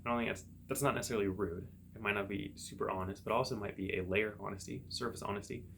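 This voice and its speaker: A man, a psychotherapist hosting his own show, thinking aloud in a relaxed solo monologue with everyday examples. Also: fairly low pitch, quick pace, gravelly, slight background noise. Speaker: psychotherapist podcast host.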